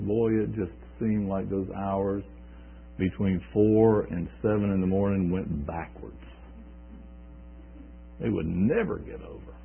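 A man preaching a sermon, retelling scripture in a conversational way with halting restarts. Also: on the low side, vocal fry, slight background noise. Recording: tinny phone-like recording.

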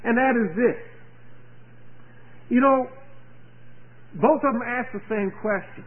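A man with a notably high voice preaches a Bible sermon, earnest and searching, often tossing rhetorical questions at his listeners. He tends to stumble and repeat words as he goes. The sound is thin and tinny, like a phone-line radio broadcast. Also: slow pace.

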